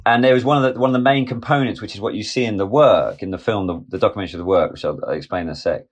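A man in his forties with a lowish voice tells a candid story as a podcast guest. His speech is emphatic and full of swearing. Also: rapid-fire, husky. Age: 40s. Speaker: guest film director.

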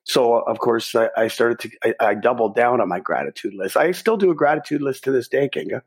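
With a brisk, breathy mid-range voice, a middle-aged man tells a story about himself as a podcast guest, keeping it lively and dramatizing what went through his head.

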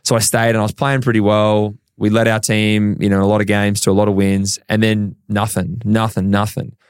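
A man's voice: fairly low pitch, fairly quick, smooth, no echo, studio quality. An Australian man, a professional basketball player, telling his story as an interview guest and acting out the dialogue in it. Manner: animated storyteller who acts out quoted dialogue.

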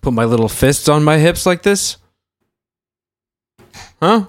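A man's voice: on the high side, animated, slow, no echo. A man on a casual comedy podcast, blunt and mock-indignant, tossing out crude jokes.

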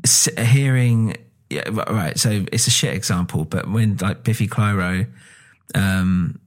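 On a podcast, a British-accented co-host chats casually in a fairly low, unhurried voice. He rambles, drops in lots of fillers, and swears offhandedly.

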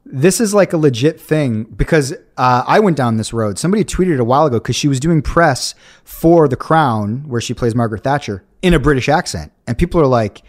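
A man co-hosting a casual podcast, with a mid-pitched voice. He jumps into stories with eager enthusiasm and rushes through his asides. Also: animated. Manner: enthusiastic, quick storytelling. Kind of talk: casual chat.

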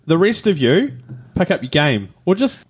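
A man's voice: fairly high pitch, very animated, moderate pace, husky. A man co-hosting a podcast, teasing his friend with dry jokes. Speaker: podcast co-host. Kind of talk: casual chat.

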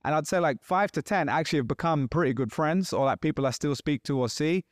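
Man, podcast co-host, casual chat, animated storytelling, dry close sound. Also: a little high, fast, no room sound. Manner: animated, acts out quoted exchanges.

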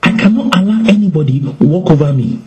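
A man preaching with animated delivery, acting out quoted lines in shifting voices. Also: on the high side, quick pace, low-quality recording. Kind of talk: lively preaching in conversation.

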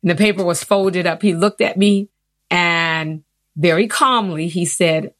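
Earnest woman with a low voice. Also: unhurried, no room sound, studio quality. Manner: earnest, animated retelling with acted quotes. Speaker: interview guest. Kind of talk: personal storytelling.

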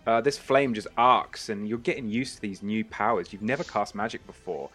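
A man's voice: lowish voice, moderate pace, fairly bright tone, faint music behind. A man running a tabletop game as game master, narrating casually with frequent hesitations.

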